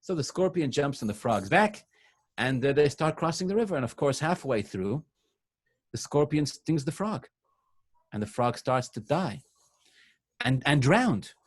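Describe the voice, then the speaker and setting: A man's voice: on the high side, lively intonation, a little slow, pauses often, slightly rough. A man speaking as a rabbi to a congregation in a synagogue, answering a question in a conversational way with frequent restarts. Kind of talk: sermon-style Q&A to a congregation.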